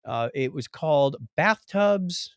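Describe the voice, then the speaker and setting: A man's voice: on the high side, clean tone, no echo, clean studio sound. A man hosting a podcast, joking around casually and rattling off lists of names. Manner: jokey, animated, rattles off lists quickly. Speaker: podcast host. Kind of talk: casual chat.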